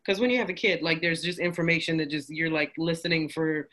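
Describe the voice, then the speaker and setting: A woman hosting a podcast in a casual chat, bubbly and quick to laugh, wired from coffee. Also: low-pitched, fairly bright tone. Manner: bubbly, laughs often, jokey. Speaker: podcast host.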